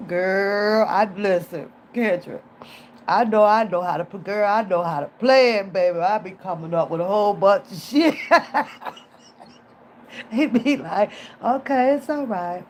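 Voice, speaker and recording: A woman's voice: medium pitch, measured pace, slight background noise. A woman streamer telling a story in casual chat, acting out the people in it and laughing often. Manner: animated, acts out voices in quotes, laughs often. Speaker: reaction streamer.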